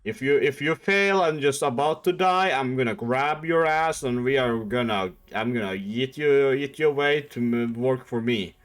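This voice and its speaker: A man's voice: mid-range voice, normal speed, few pauses, lightly acted. A man voicing a blunt, dismissive male emperor who gives orders in a casual, offhand way. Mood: bossy.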